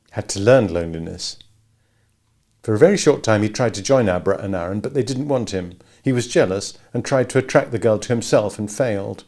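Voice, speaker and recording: A man's voice: fairly low pitch, a little mellow. A man narrating a novel as an audiobook, reading expressively.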